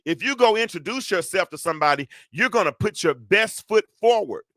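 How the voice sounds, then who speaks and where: A man's voice: high voice, expressive, a little fast, fairly bright tone, no echo, clean studio sound. A middle-aged man hosting a solo talk show in a preachy, joking way, speaking straight to his audience and calling for amens. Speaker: host.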